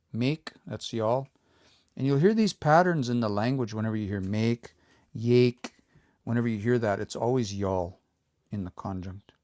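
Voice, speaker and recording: A man giving a casual live-streamed language lesson, explaining step by step and repeating words slowly, with relaxed, informal phrasing. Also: fairly low pitch, dry recording, clean studio sound. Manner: relaxed, informal, says y'all and eh. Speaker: language teacher.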